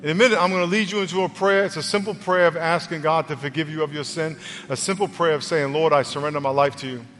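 A man's voice: fairly high pitch, fairly even intonation, quick pace, a bit bright. A male pastor preaching a sermon and leading an altar call in an earnest, conversational way. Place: church auditorium. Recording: long church reverb, faint music.

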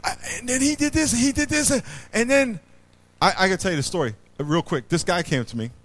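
Animated high-voiced male preacher. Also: fast talker. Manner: animated preaching, swings from loud shouts to hushed low tones. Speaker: pastor. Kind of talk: sermon. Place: church.

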